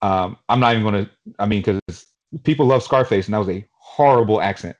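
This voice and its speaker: A man from Queens, New York, co-hosting a podcast in casual chat, telling stories in an animated, rambling way with lots of fillers. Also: on the low side, a little fast, highs cut off. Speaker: podcast co-host.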